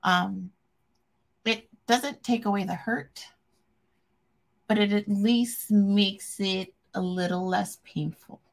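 Speaking slowly with long pauses, this woman has a steady, creaky, medium-pitched voice. She's a forties-aged podcast host in a casual conversation, open and emotional, with many ums and frequent restarts.

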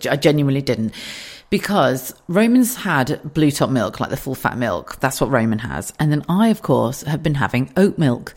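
Low-voiced chatty woman, sweary and candid. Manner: chatty, swears freely, animated asides and laughs. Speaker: podcast host. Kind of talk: casual solo podcast chat. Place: home kitchen.

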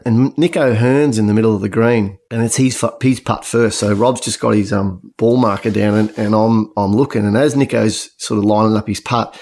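A low-voiced man with a gravelly, creaky edge settles into a long tale as a podcast co-host. He meanders, stops to restart his sentences and leans on fillers as he goes. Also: darkish tone. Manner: rambling anecdote full of fillers and restarts. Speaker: former tour caddie, podcast co-host. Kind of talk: casual storytelling on a podcast.

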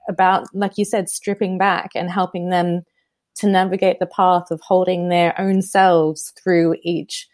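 A woman's voice: on the low side, level tone, measured pace, darkish tone, no room sound, clean studio sound. A woman hosting a podcast, speaking reflectively in a casual conversation and laughing often. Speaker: podcast host.

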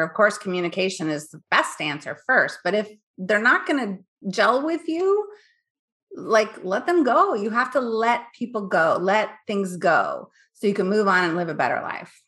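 A woman's voice: mid-range voice, lively intonation, moderate pace, pushed and bright. A woman in her forties, a podcast guest, giving frank business and life advice in a casual chat.

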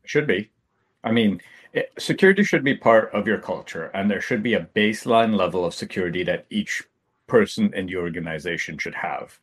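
A man with a very low voice speaks on a video-call panel. He explains his point in a calm, measured way. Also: breathy edge. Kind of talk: panel discussion.

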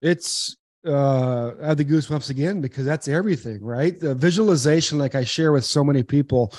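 A man in his forties from Southern California tells stories on a podcast, earnest and animated, often restarting his sentences. His voice sits on the higher side. The sound is dry and close. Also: a little fast, no echo. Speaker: podcast guest. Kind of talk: casual interview storytelling.

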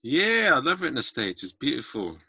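A man's voice: mid-range voice, wildly swooping pitch, brisk, pushed and bright. A man hosting a podcast, chatting casually and making self-mocking jokes that ramble a little. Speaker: podcast host. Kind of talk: casual chat.

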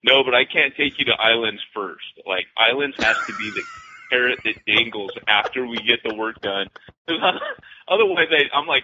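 Man, podcast co-host, bright cutting voice, loose rambling banter, lo-fi audio. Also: medium pitch, lively intonation, moderate pace, slightly rough, no echo. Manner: loose, rambling, jokey, many fillers. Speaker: podcast co-host, church planter. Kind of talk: casual chat. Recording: dull lo-fi podcast audio with faint noise.

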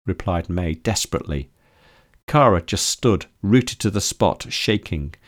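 A man reading his own story aloud as narrator, in a steady, measured delivery. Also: lowish voice. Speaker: author and narrator. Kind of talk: scripted audiobook narration.

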